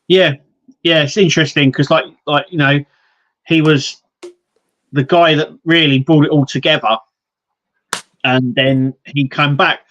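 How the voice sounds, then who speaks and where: Man, podcast co-host, casual rambling chat, higher pitch, muffled lo-fi audio. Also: steady tone, a little slow, pauses often, a bit bright. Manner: rambling, many restarts and acted-out quotes.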